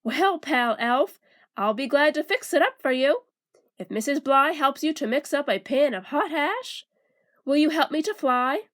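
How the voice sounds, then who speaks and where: A woman's voice: high-pitched, animated, unhurried, fairly bright tone. A woman reading a children's storybook aloud, voicing a friendly grown man in a hearty, enthusiastic way. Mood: eager.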